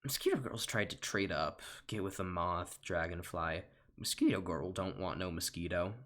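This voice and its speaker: A man's voice: low voice, moderate pace, a bit bright. A man putting on a slangy streetwise mosquito guy. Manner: slangy drawl. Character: laid-back male mosquito, streetwise and blunt.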